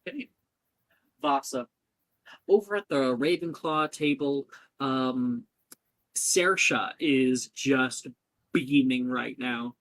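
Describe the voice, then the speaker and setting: A man narrating a tabletop role-playing game as game master, lively and unhurried. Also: medium pitch, no echo, low-quality recording.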